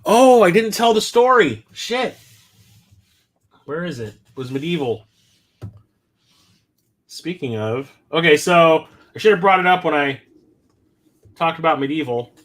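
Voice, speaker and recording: A man hosting a casual livestream, rambling and correcting himself as he talks, quick to laugh. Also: on the high side, lively intonation, a bit bright. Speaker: livestream host. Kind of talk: casual livestream chat about his game collection.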